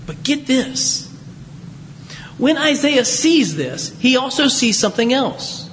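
Brief: male pastor, very high voice, chatty self-deprecating sermon, long church reverb. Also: big pitch swings, slow pace, a bit bright, slight background noise. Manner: conversational, self-deprecating, with many restarts. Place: church sanctuary.

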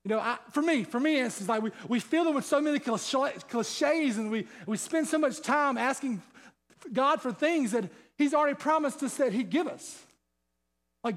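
A man's voice: very high-pitched, animated, normal speed, a bit bright. A male pastor preaching a sermon, fired up, firing off rhetorical questions and repeating himself. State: sweating.

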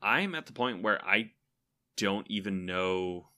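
A man's voice: on the low side, lively intonation, slow pace, bright, forceful tone. A young man co-hosting a podcast, chatting casually and enthusiastically, often laughing as he rambles. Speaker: podcast co-host. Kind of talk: casual chat.

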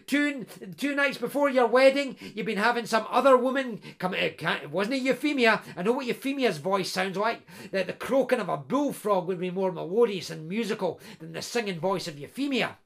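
A man's voice: high voice, moderate pace, gravelly, hardly any pauses, a bit bright. A man voicing a boisterous young best friend, jovial and chatty, nudging his friend along. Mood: jovial teasing.

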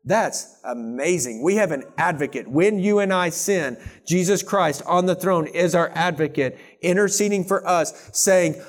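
Male preacher, slightly high voice, fervent sermon that swings from loud to hushed. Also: a little slow, few pauses. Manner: passionate, swings from loud scripture reading to hushed intensity.

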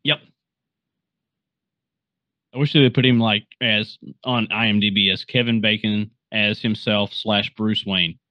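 A man's voice: on the low side, steady tone, measured pace, long pauses, no echo. A man hosting a podcast, casually retelling a movie scene with lots of fillers and restarts. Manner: rambling, filler-heavy storytelling. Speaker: podcast host. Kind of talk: casual movie recap chat. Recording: dull, dry sound.

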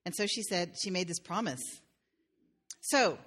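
Woman, pastor, sermon storytelling, playful asides, bright voice. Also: fairly low pitch, animated, measured pace. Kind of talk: sermon told as a fairy tale.

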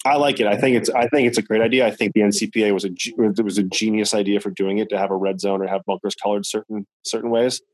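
A man with a lowish voice talks casually, rambling and circling back over his words. The sound is dry and close. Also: fairly even intonation, fast talker, few pauses, dry recording, poor audio. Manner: rambling, repeats words while thinking. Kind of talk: casual chat.

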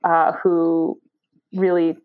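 A woman's voice: fairly low pitch, flat delivery, very slow, narrow, tinny audio. A woman psychotherapist, a podcast guest, thoughtfully answering an interview question and searching for her words.

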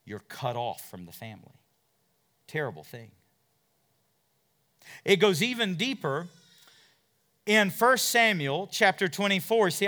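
A man preaching a sermon in a lively voice that climbs high and drops low again. He moves from loud, urgent passages to hushed asides and keeps putting questions to his listeners. His voice sits a little higher than most men's. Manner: dramatic, swings from loud to hushed; asks the listeners many questions.

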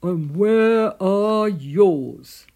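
A woman voicing a gruff, scornful male badger in a storybook reading, slow and barking. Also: mid-range voice, animated, warm tone.

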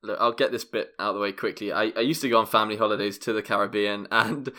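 A man's voice: fairly low pitch, fast, pushed and bright. A man co-hosting a podcast, telling a self-deprecating story in casual chat and laughing often. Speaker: podcast co-host.

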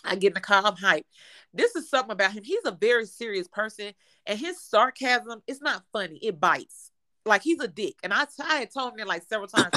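A woman tells a story on her podcast in an animated, profane style, laughing as she goes. Her voice is bright and forward, and it sits a little high. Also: a little fast. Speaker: podcast co-host. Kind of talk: casual storytelling chat.

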